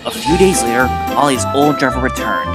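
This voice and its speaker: A man narrating a children's storybook in an even storytelling manner. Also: mid-range voice, fairly quick. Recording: narration with music bed.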